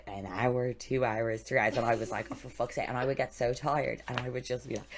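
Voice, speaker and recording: A young adult woman co-hosting a podcast, telling lively stories, swearing freely and acting out what people said. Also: rumbling low, brisk, few pauses. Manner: animated storytelling, swearing, acting out quotes. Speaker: podcast co-host. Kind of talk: casual chat.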